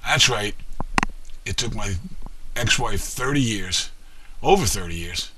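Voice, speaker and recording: A middle-aged man doing a seated stand-up comedy routine in a small venue, telling wry family stories with pauses before each punchline. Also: lowish voice, expressive, background noise. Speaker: stand-up comic. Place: small venue with a live audience.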